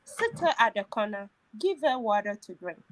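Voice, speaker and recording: A woman's voice: mid-range voice, sing-song, moderate pace, fairly bright tone. A woman telling a personal story in casual chat, emotional and laughing as she goes, with many restarts. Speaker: host.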